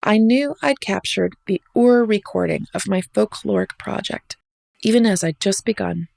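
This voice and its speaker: A woman's voice: medium pitch, normal speed, vocal fry, a little mellow, no room sound. A woman hosting a podcast, reading her own personal travel essay aloud in a wry, reflective way with an American accent. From United States. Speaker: podcast host and essay narrator.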